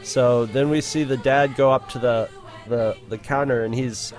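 A man's voice: mid-range voice, fairly even intonation, moderate pace, darkish tone, soft background music. A male podcast co-host in casual chat, telling a rambling story with many restarts.

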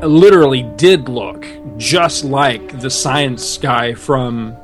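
A man's voice: medium pitch, slow, soft background music. A middle-aged man retelling his own school pranks as a podcast co-host, laughing and mischievous. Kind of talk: casual storytelling chat.

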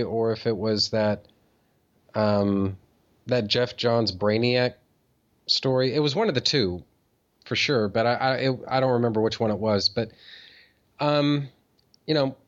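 A man in casual conversation tells a long story at a middling pitch, rambling through fillers and restarts and swearing freely. The recording sounds slightly dull and lo-fi. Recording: dull lo-fi audio.

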